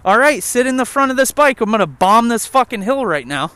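A man's voice: very high-pitched, big pitch swings, fairly quick, a bit bright, clear, resonant tone, no room sound, pitched above the performer's own voice, exaggerated voice. A man doing a reckless, cheery dad. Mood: breezy.

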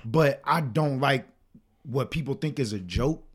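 A man's voice: mid-range voice, a little slow, slightly rough. A young man co-hosting a podcast, chatting casually and telling profane stories with acted-out quotes. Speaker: podcast co-host. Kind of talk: casual chat.

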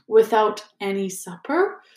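A woman doing a slow, sneering cold teacher. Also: mid-range voice, sing-song, darkish tone. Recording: roomy echo.

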